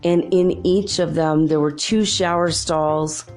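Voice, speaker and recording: A woman's voice: low-pitched, fairly even intonation, slow, a little mellow, soft background music. A woman hosting a podcast, chatting through a rambling, casual story and laughing often. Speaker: podcast host.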